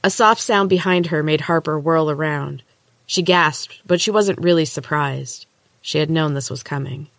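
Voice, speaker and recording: A woman podcast host narrating a novel chapter aloud in a steady, measured way. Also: low voice, vocal fry, no echo. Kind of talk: storybook narration.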